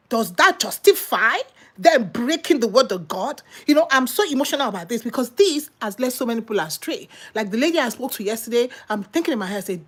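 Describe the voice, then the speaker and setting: A woman's voice: on the high side, fairly quick, slightly rough. A woman preaching an impassioned sermon, full of exclamations and rhetorical questions. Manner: animated, exclamatory, rhetorical questions and sudden laughs.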